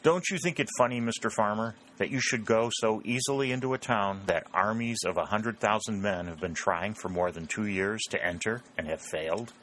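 A man's voice: fairly low pitch, normal speed, few pauses, a bit bright, a little hiss or hum, natural voice, low-quality recording. A man voicing a shrewd, wheedling army lieutenant in a storybook reading. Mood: probing. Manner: wheedling, vexed.

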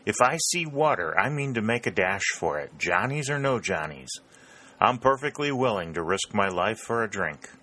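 A man's voice: lowish voice, big pitch swings, moderate pace, bright, forceful tone, voice pushed up, exaggerated voice. A man reading an audiobook, voicing a young, thirsty Union soldier who speaks with urgent determination. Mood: determined.

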